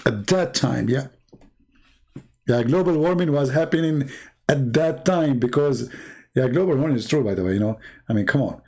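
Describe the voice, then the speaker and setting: A man rambles on his live stream in broken English, sarcastic and mocking, saying his voice is going. His medium-pitched, slightly mellow voice is animated at a normal speed, with frequent pauses.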